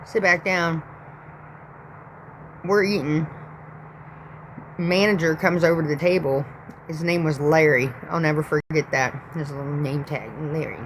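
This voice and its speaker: A woman's voice: deep voice, unhurried, pauses often, slight background noise, poor audio. A woman in her thirties telling a rambling, profane story in a casual vlog.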